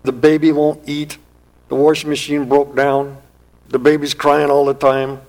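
A man's voice: a little high, monotone, a little mellow. A man putting on a frazzled young housewife near tears. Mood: distressed. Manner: rushed, pleading complaints.

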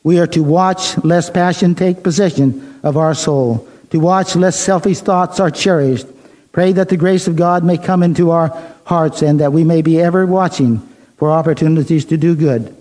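A man preaching a sermon, telling a story in a measured way and reading the dialogue plainly. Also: a little high, fairly even intonation, a little mellow, low-quality recording.

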